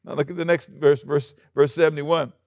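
A man pastor preaching a sermon in an animated way, acting out quoted lines and chuckling often. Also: a little high, normal speed, no room sound.

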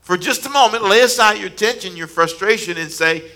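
A pastor preaching a sermon, his voice very bright and cutting. He sits a little high for a man, and he swings from hushed, drawn-out lines to loud, rising declarations.

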